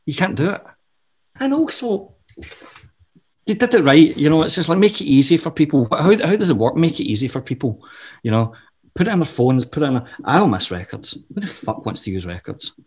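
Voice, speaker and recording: A middle-aged man, a podcast guest telling swearing-laden anecdotes in a casual, animated way. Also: on the high side, fairly quick, husky. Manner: profane, animated anecdotal storyteller. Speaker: interview guest. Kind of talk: casual storytelling interview.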